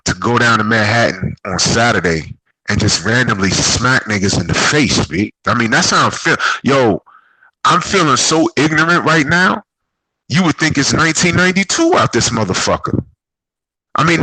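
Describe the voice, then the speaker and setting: A man's voice: lowish voice, pushed and bright, slightly rough, dry recording, rough recording. A man giving an angry, profane, heated vlog rant. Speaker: boxing vlogger.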